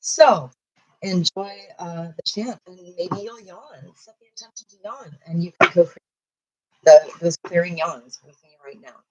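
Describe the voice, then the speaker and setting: A woman giving a live-streamed collective card reading, talking softly and meandering with fillers, sometimes chanting a prayer. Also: on the low side, unhurried, poor audio. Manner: soft, meandering, with frequent fillers; rhythmic chanting prayer while shuffling cards. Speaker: intuitive tarot reader and healer.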